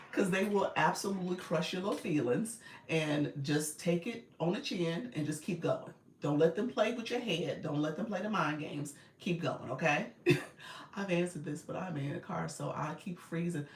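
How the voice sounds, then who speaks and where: A chatty, direct woman in her forties coaches her viewers live, with a gravelly edge that shows up often in her speech. She sits inside a car, and the cabin gives her voice a roomy echo. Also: fairly low pitch, unhurried. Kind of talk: casual livestream coaching.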